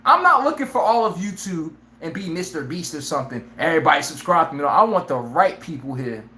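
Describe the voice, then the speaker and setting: Brash, laughing live sports-stream host. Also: male voice, high-pitched, brisk, roomy sound, a little hiss or hum. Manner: brash, animated, laughs often, acts out players' lines. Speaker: sports talk show host.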